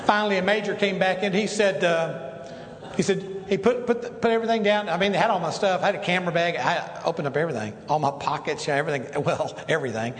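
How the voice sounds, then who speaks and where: Middle-aged male preacher, folksy and rambling, slightly high voice, sermon in a reverberant sanctuary. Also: fast. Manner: folksy, rambling with many restarts and asides. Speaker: pastor. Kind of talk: sermon storytelling. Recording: echoey hall with long reverb, faint noise.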